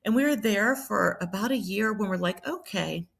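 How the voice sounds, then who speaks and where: A woman's voice: mid-range voice, normal speed, gravelly, fairly bright tone. A middle-aged woman from South Carolina, a priest and nurse telling her life story in a podcast interview, reflective and full of ums and restarts. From Charleston, South Carolina.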